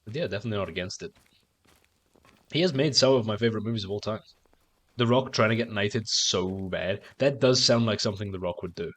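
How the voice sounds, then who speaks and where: A man's voice: on the low side, fairly quick, fairly bright tone. A man streaming a game and chatting casually, rambling with stammered restarts and frequent swearing. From outside the United States. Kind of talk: casual chat while gaming on stream.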